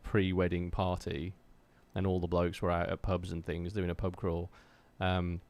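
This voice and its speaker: An English man talks to his live-stream chat in a slightly low voice. He rambles with plenty of fillers and restarts, but stays earnest and fired up as he urges listeners to keep pushing toward their creative goals. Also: a little mellow, no room sound. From England.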